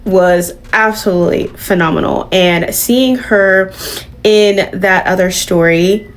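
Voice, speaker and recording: A woman retelling a comic story in a casual, animated way. She swears freely and talks at a middling pitch. Her delivery is loose and conversational. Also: unhurried. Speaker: comic book reviewer. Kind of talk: casual recap.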